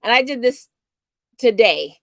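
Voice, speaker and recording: Upbeat lady chatting on a home livestream, kinda high voice, dry close sound. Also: expressive, a little slow, vocal fry, dry recording. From Houston, Texas. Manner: chatty, upbeat, rambling with fillers. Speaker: homeschool livestream host. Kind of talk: casual livestream chat. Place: small home studio.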